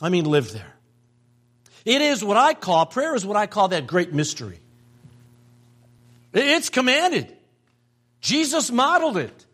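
A man's voice: high-pitched, unhurried, pauses often, breathy edge. An older man preaching a sermon, telling stories and repeating phrases for emphasis. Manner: animated storytelling with emphatic repetition. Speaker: pastor.

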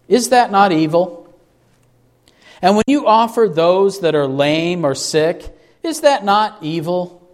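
A man's voice: high voice, darkish tone. Man preaching with rhetorical questions. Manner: slows down for emphasis on scripture. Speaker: pastor. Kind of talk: expository sermon.

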